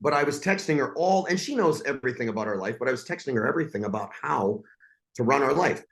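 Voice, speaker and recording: A man's voice: medium pitch, lively intonation, fast. A man in his forties, a podcast guest, telling a personal story in a blunt, intense and profane way.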